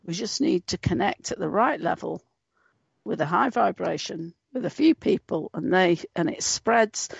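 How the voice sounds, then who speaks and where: Chatty woman with a lively voice. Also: mid-range voice, gravelly, slightly rough, dry recording, muffled recording. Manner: chatty, laughs often, swears casually. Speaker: guest. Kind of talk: casual video-call chat.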